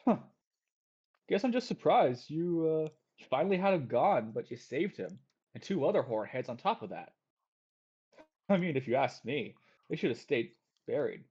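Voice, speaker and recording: A man's voice: fairly high pitch, very animated, normal speed, long pauses, a little mellow, husky. Man putting on a sneering half-gnome student. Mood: taunting. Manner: taunting, smug. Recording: dull lo-fi audio.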